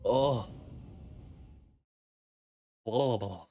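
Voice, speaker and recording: A man's voice: mid-range voice, extremely slow, mellow, faint music behind. A man streaming a video game, joking crudely and chatting with his viewers. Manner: crude, joking, talks to chat. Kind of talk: casual gameplay commentary.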